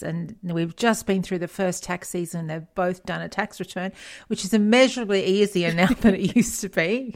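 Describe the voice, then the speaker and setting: A middle-aged woman talking casually as a guest, telling lively stories with hesitant restarts. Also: fairly low pitch, moderate pace. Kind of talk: casual conversation.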